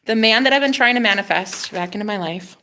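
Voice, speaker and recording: A woman telling a story to camera in a casual vlog, chatty and dramatic, with frequent swearing, her voice dropping to a hush and then rising loud. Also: mid-range voice, fast. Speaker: vlogger.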